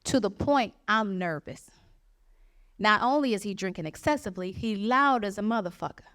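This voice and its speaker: A woman's voice: mid-range voice, expressive, moderate pace, a bit bright. A woman stand-up comedian from Michigan telling a brash, profane story and acting out the quotes along the way. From Jackson, Michigan, USA.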